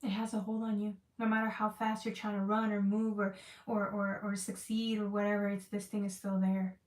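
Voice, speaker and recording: A woman's voice: medium pitch, little pitch movement, brisk, far from the mic. A woman giving a casual tarot reading, talking emotionally and repeating herself as she searches for words. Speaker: tarot reader. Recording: echoey room, voice off-mic.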